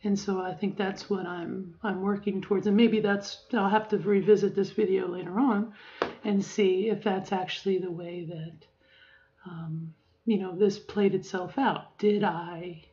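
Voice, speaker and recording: A woman's voice: mid-range voice, darkish tone. A middle-aged woman talking in a casual video diary, reflective and rambling, full of fillers and restarts. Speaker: vlogger. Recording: dull lo-fi audio.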